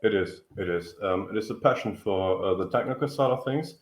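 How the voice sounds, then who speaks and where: A man's voice: fairly low pitch, fairly quick, reverberant. A man with a German accent, a guest engineer speaking in a friendly, hesitant way with many fillers. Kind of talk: casual interview.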